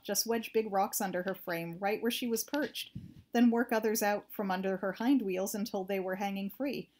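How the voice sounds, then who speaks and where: A woman reading a first-person story aloud in a steady, plain narrating voice. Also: medium pitch. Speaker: audiobook reader.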